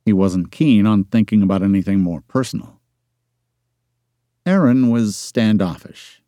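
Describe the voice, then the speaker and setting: A male audiobook narrator reading a romance novel in even, measured scripted narration. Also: fairly low pitch, no echo, studio quality.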